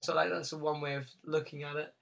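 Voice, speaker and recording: A man hosts a relaxed conversation with a bright, crisp voice. He teases his guest in a playful way and laughs easily, with frequent jokes. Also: a little high, fairly quick. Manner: jokey, teasing, laughs often. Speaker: podcast host. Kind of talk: casual chat.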